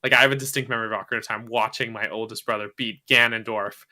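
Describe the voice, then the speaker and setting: A man co-hosting a gaming podcast, chatting casually with halting restarts and frequent chuckles. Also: lowish voice, fairly even intonation, bright, forceful tone. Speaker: podcast co-host. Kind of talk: casual chat.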